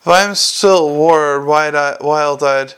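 A man narrating an audiobook in a dry, measured storytelling manner. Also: a little high, fairly bright tone, smooth.

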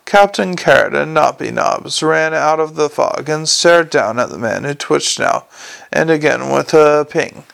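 A man narrating a fantasy audiobook in a measured, wry storytelling manner. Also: a little high, lively intonation, creaky, fairly bright tone, no echo.

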